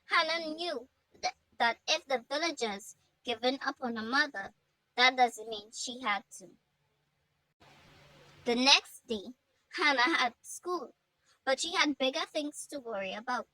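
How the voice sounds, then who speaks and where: A woman narrating a storybook aloud in an expressive read-aloud style. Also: high-pitched, a little slow, no echo, low-quality recording.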